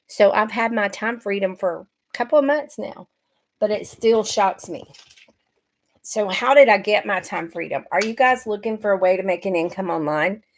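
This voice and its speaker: A woman's voice: mid-range voice, normal speed. A middle-aged woman from Georgia, chatting casually on a livestream and greeting viewers by name. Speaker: livestream host.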